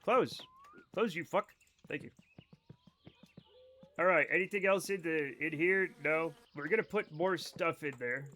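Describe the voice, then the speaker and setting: Brief: male game streamer with a high voice, chatting to viewers, loose, profane and rambling. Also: a little slow, pauses often, sharp tone. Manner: rambling, profane, joking asides to chat. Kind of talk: casual live-stream chat with viewers.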